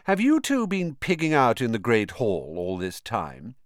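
A man's voice: mid-range voice, wildly swooping pitch, a little slow, no room sound, clean studio sound. Brief: man doing an arrogant, drawling teen snob for an audiobook. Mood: sneering. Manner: drawling, sneering. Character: sneering arrogant teenage boy bully.

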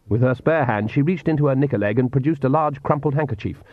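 A man's voice: medium pitch, fast, hardly any pauses, dry recording. Man reading a story over a tinny line. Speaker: audiobook narrator. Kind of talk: scripted narration. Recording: tinny phone-like dry recording.

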